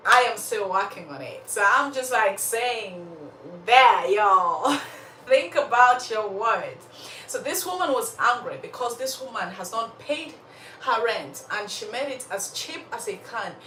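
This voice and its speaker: A woman's voice: medium pitch, bright, forceful tone, reverberant, far from the mic, a little hiss or hum, rough recording. A woman telling a story with lessons about faith, talking animatedly, laughing often and speaking straight to her listeners.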